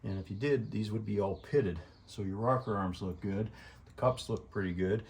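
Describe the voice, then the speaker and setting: In a garage workshop, a mechanic explains an engine teardown to the camera in casual, easygoing, folksy shop talk. His voice is on the low side and darkish, with a breathy edge, at normal speed.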